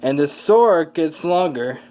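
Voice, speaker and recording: Slow, halting fan storyteller. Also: mid-range voice, lively intonation, warm tone, poor audio. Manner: halting, with many fillers and self-corrections. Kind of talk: casual rambling retelling.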